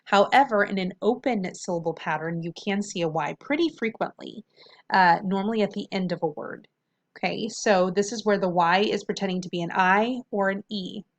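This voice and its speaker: A woman teaches a phonics lesson to young students in a friendly, encouraging way. She slows right down to sound out each syllable and then says the whole word. Her pitch sits in the middle for a woman. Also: dull audio. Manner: slow, drawn-out syllables when sounding out words.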